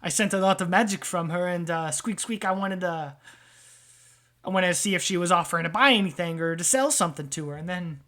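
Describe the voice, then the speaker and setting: A man voicing a twitchy sewer-dwelling man who squeaks and babbles loudly in a tabletop game. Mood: chattering. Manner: high, loud, rapid babble.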